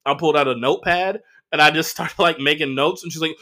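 Brief: male comedian host, solo chat, a touch high, bright and punchy, swears freely. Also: very fast. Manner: profane, animated storytelling with voiced quotes. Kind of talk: casual solo monologue.

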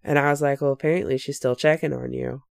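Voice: mid-range voice, level tone, quick pace, gravelly, a little mellow, clean tone, dry recording, studio quality. A podcast host telling a personal spooky story in a casual, earnest, reflective way, with fillers and self-corrections.

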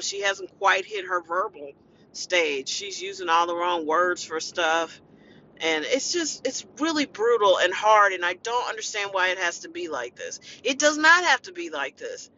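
A woman's voice: medium pitch, bright, forceful tone, a little hiss or hum. A woman caregiver talking in a blunt, emotional monologue, venting with profanity as a podcast host. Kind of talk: impassioned personal monologue. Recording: dull lo-fi recording.

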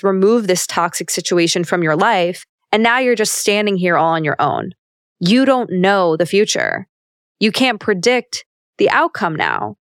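A woman's voice: mid-range voice, no room sound, clean studio sound. A young woman hosting a motivational self-help podcast, talking candidly and emphatically and swearing freely. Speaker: podcast host.

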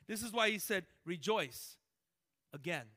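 High bright-voiced male preacher. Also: unhurried. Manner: animated preaching, swings from shouting to hushed. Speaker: pastor. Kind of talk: sermon.

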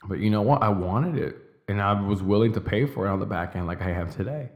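Intense, profane motivational man, low voice. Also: lo-fi sound. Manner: intense, emphatic, profane, with slow stressed declarations. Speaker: podcast host. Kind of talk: motivational monologue.

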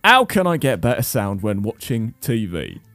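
Man putting on a gruff Yorkshire man, reading a question, dry sound. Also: lowish voice, big pitch swings, normal speed, a bit bright, dry recording, faint music behind. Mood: earnest. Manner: hesitant, stumbling, breaking into laughs.

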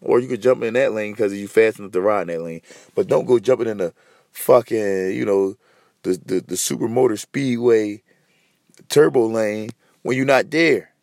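Gravelly-voiced man ranting heatedly. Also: lowish voice, normal speed, a little mellow, dry recording, studio quality. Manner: heated, profane, repetitive. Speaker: podcast host. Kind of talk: casual podcast rant.

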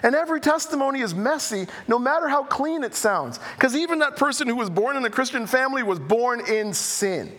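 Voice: mid-range voice, animated, moderate pace, few pauses, a bit bright. A preacher delivering a sermon in an emphatic, raised delivery.

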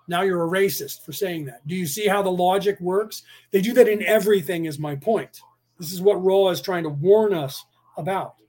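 Man, high-pitched, argumentative monologue, acts out the voices he quotes. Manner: repeats "do you see?" to press points. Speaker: speaker on politics and spirituality. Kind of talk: rambling monologue.

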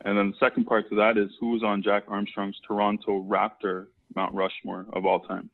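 A man's voice: on the low side, completely flat delivery, moderate pace, gravelly, narrow, tinny audio. A man co-hosting an interview, asking plain questions with short replies. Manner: brief acknowledgments, plain questions. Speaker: podcast co-host. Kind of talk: casual interview.

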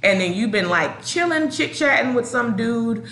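Woman on a chill podcast, slangy and lively, voices bouncing around, echoey room. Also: fairly high pitch, normal speed, creaky. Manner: animated, acts out quoted voices, slangy. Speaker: therapist co-host. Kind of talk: casual podcast chat.

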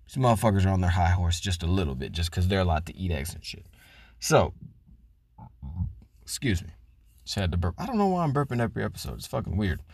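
A man hosting a podcast, ranting and swearing in a mocking, loud comedic way. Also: mid-range voice, no room sound, studio quality. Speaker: podcast host. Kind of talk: profane comedic rant.

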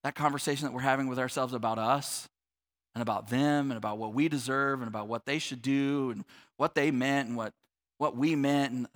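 A man in his forties preaching a sermon as a pastor, earnest, repeating words as he builds his point and dropping to a soft low voice to reflect. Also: in a large hall.

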